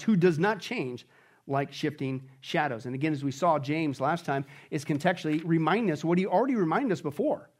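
A male pastor preaching a sermon emphatically, often checking in with the congregation and swinging between loud exclamations and quiet, intense stretches. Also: a little high. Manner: repeats "okay?" and "contextually". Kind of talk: expository sermon.

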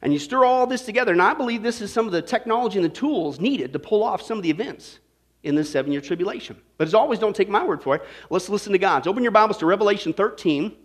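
A male pastor preaching a sermon, telling a joke and then driving into scripture with lively energy. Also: high voice, fast. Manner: energetic, joking storyteller preaching.

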